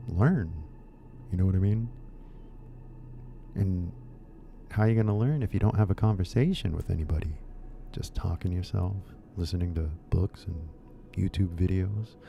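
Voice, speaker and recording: A man's voice: sits low, creaky, dark tone, a little hiss or hum. A man with an American accent giving a casual, rambling English pronunciation lesson, repeating key words for emphasis. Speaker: English teacher.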